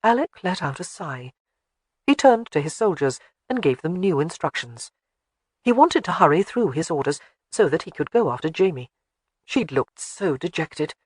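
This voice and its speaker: An audiobook narrator reading a historical romance, expressive storytelling at a close studio mic. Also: medium pitch, moderate pace, breathy edge, dry recording. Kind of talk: scripted narration.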